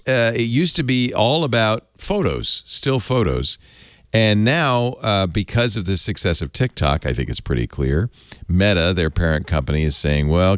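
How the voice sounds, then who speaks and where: A man's voice: low-pitched, no echo, clean studio sound. A middle-aged man hosting a tech panel show, telling jokey stories in casual chat. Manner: jokey, animated storyteller. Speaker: host.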